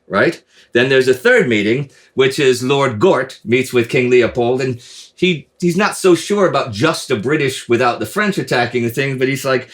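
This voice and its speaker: A man hosting a relaxed history chat, telling events as a lively story. His voice sits in an ordinary middle register and he keeps tripping over restarts and tossing in asides as the tale builds. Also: mid-range voice, unhurried. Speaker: host.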